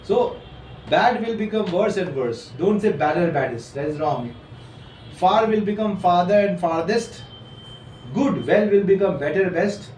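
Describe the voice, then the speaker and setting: A man's voice: high-pitched, lively intonation, a little slow, darkish tone. A male teacher gives a classroom lesson, explaining patiently and correcting his students. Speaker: English teacher. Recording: echoey room from far off, faint noise.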